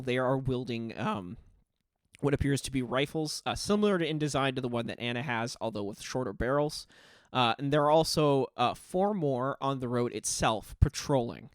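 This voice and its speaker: A man in a middle register runs a tabletop game, narrating the scene in a relaxed, filler-heavy way. His voice sits close and dry on the mic, with no room around it. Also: medium pitch, dry recording. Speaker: game master.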